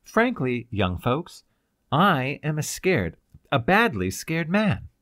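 A man's voice: on the high side, huge pitch swings, slow pace, fairly bright tone, dry recording, clean studio sound, voice pushed up, heavily acted. A male reader voicing a brusque senior scientist in an audiobook, giving clipped, emphatic orders. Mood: commanding. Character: brusque senior scientist, commanding, secretly villainous.

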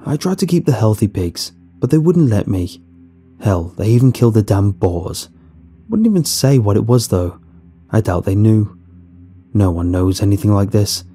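A bitter, worn-down old farmer who grumbles every word, as a man puts him on. The voice is low and dark with a husky edge. It comes from a storybook-style horror reading. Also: lively intonation, moderate pace, faint music behind.

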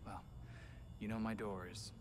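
An actor playing an easygoing young male hero who talks in a relaxed, teasing way. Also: lowish voice, moderate pace, background noise, lightly acted. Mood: laid-back. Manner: laid-back, teasing. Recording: reverberant game audio with ambience.

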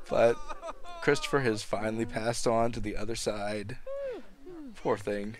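A man's voice: on the low side, steady tone, takes it slowly, crowd noise. Chatty man narrating a life-sim game. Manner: chatty, talks to his game characters, laughs often. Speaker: let's play host. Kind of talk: casual gameplay commentary. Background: game music.

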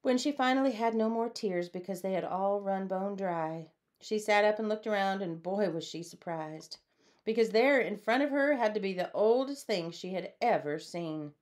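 A woman reading a storybook aloud in a lively way, changing her voice for the characters. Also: medium pitch, normal speed. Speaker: storybook reader. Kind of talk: read-aloud storybook narration.

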